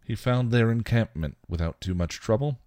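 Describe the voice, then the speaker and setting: Deep male reader, dry, for steady story narration. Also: normal speed, no room sound. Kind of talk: reading fan fiction aloud.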